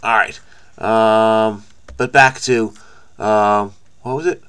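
A man's voice: fairly low pitch, steady tone, slow, a bit bright, clean tone. A man hosting a crossword video, thinking aloud in a frenetic, rambling way, with frequent restarts and stammers. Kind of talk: casual think-aloud commentary.

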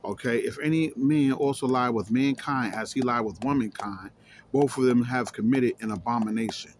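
A man's voice: medium pitch, normal speed, a little hiss or hum. A man reading scripture aloud and explaining it emphatically, repeating key words and challenging his listeners. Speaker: scripture teacher.

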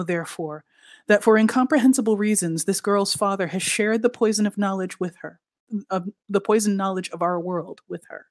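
A woman reading her fiction aloud in a deliberate, expressive way, sinking to soft near-whispers for emphasis. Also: medium pitch, no echo, clean studio sound. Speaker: author reading at a literary event.

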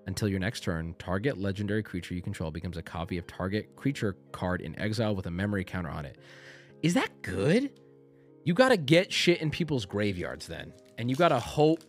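Man, thirties, casual stream chat, jokey, very animated delivery, faint background music. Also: lowish voice. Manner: animated, jokey, reads card text aloud with goofy voices. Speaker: streamer opening card packs.

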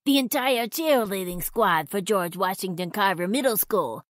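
A woman's voice: medium pitch, moderate pace, no echo, studio quality, natural voice. Woman doing a weary male servant. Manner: tired, complaining. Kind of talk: storybook reading.

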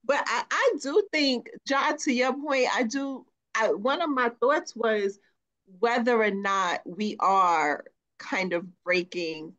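A woman's voice: on the high side, slow, a bit bright. A woman in her forties co-hosting a podcast, speaking reflectively and laughing as she talks. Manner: reflective, laughs while talking. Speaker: podcast co-host. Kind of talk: casual chat.

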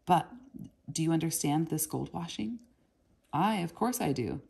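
Lady reading a cheery joking kid apprentice, husky low voice. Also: expressive, unhurried, mellow, full character voice. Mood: friendly. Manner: friendly, joking, eager questions. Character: cheerful chatty boy apprentice, proverb-loving.

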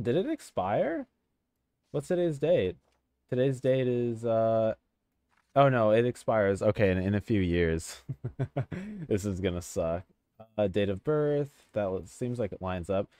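A man giving casual let's-play commentary as a streamer, excitable, joking and easily sidetracked. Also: fairly low pitch, no room sound. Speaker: gamer streamer.

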